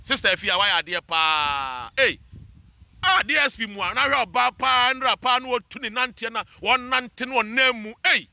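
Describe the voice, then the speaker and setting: A Ghanaian man rants in a fiery, scolding monologue and hammers his points with repetition. His voice sits high and sounds sharp and tense. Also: normal speed, vocal fry, dry recording. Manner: fiery, scolding, repeats phrases. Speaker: social commentator. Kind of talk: heated monologue rant.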